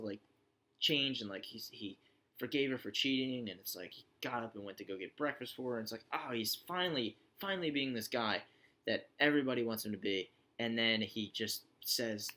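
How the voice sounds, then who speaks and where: Rambling sarcastic man with a bright voice. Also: on the low side, expressive, a little fast. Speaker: TV show reviewer. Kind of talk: casual plot recap.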